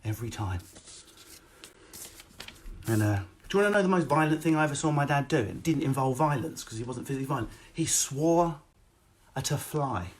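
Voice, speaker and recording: A man doing a live-streamed stand-up set from home, brash and sweary with quick animated delivery. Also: medium pitch. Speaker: stand-up comedian. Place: home, indoors. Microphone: phone or webcam.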